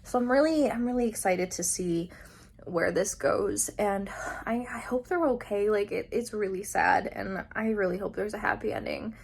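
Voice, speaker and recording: A woman's voice: mid-range voice, moderate pace, gravelly, husky. A young woman chatting casually in a reading vlog, emotional and gushing, with many fillers. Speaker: book vlogger.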